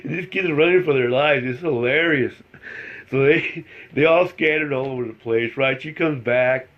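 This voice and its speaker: A man's voice: mid-range voice, normal speed. Chuckling man telling stories. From El Paso, Texas. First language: Spanish. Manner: rambling, chuckles through the telling. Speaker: storyteller. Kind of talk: casual anecdote telling. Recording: slightly dull lo-fi recording.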